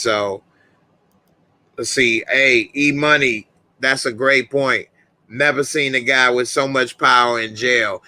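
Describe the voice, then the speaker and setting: A man's voice: mid-range voice, pushed and bright, no echo. A man hosting a live reaction stream, casually reading out viewer comments and ratings in a laid-back, chatty way.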